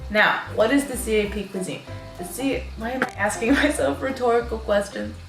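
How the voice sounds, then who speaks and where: A woman's voice: a little high, a little fast, music in the background. An American woman narrating her cooking video in a casual voiceover, joking at her own mistakes. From United States. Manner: self-mocking, joking. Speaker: cooking vlogger. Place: home kitchen, recorded voiceover.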